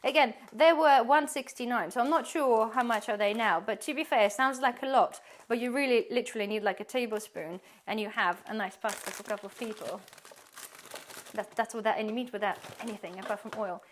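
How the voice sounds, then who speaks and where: A woman's voice: on the high side, brisk, a little hiss or hum. A woman, giving a chatty, rambling tour of her pantry and laughing often. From UK-based. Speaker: prepping vlogger.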